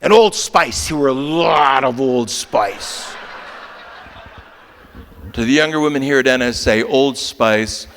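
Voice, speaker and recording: An older man giving a motivational keynote, shifting from hushed lines to animated storytelling. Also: mid-range voice, takes it slowly, long pauses. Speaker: keynote speaker. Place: large conference hall. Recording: long reverb of a big hall.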